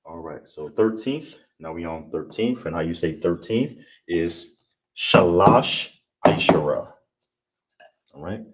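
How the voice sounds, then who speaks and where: Deep-voiced man teaching an online class. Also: expressive, slow pace, far from the mic. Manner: repetitive, checks in with "you understand?". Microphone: streaming setup.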